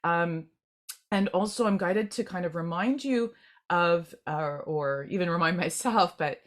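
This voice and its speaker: A woman giving a channeled group tarot reading, gentle and meandering, often restarting and repeating words as she speaks. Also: on the low side, a little slow. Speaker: tarot reader.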